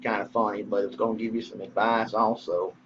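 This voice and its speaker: A man's voice: lowish voice, flat delivery, a little fast, muffled recording, background noise. Rambling, folksy Texan man. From Southern US. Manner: rambling, folksy, swears casually. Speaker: vlogger telling a story. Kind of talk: casual storytelling.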